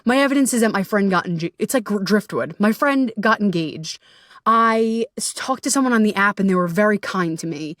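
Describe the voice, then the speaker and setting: On her solo podcast, a young woman working as a relationship coach speaks a little fast at a medium pitch, candid and casual, cursing freely and slipping animatedly into quoted voices. The recording is studio quality with no room sound.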